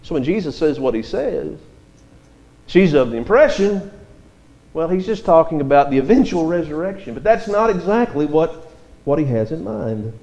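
A man's voice: on the high side, animated, moderate pace, gravelly, dark tone, lo-fi sound. A man preaching an expository sermon, reading scripture verses aloud and explaining them.

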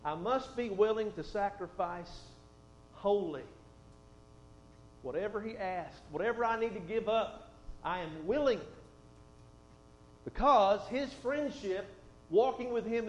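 High-voiced folksy preacher in a roomy hall. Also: male voice. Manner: folksy, conversational asides, drops soft then swells for emphasis. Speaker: pastor. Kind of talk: sermon with scripture reading. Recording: roomy, dull sound with faint hum.

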